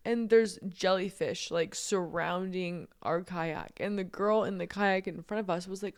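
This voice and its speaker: A woman's voice: mid-range voice, moderate pace, few pauses. A young woman co-hosting a podcast, telling a funny story in casual chat, laughing often and swearing freely. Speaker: podcast co-host.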